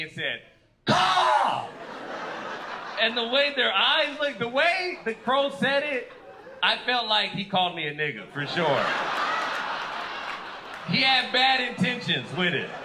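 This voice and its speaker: A high-voiced American comedian does an animated stand-up set at a comedy club, acting out quotes as he tells stories. It's a live club recording, with the audience audible.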